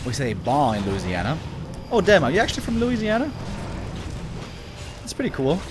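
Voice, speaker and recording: A man calling an esports match live in a relaxed, chatty way. He gasps and exclaims at the big moments, then wanders off into easygoing side talk with the viewers. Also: a little high, a little fast, background noise. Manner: chatty, exclaiming at plays, drifts into asides to chat. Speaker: esports caster. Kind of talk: live game commentary.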